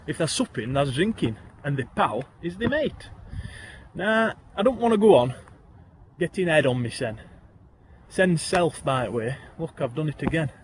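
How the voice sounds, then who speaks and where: A man with a broad Yorkshire accent recites rhyming verse in a lilting, sing-song rhythm, his voice sitting a bit high for a man. A faint hiss of ambient noise runs under the recording. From Yorkshire, England. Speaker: guest poet. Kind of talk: reciting rhyming dialect poems.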